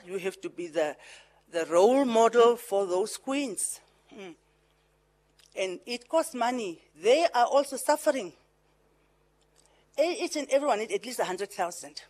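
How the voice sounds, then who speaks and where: Middle-aged Namibian woman, lively speech. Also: mid-range voice, measured pace, long pauses. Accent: Namibian English, Herero and Afrikaans influenced. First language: Herero. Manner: lively, laughing asides, repeats words. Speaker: veteran broadcaster and pageant director. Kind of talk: farewell speech.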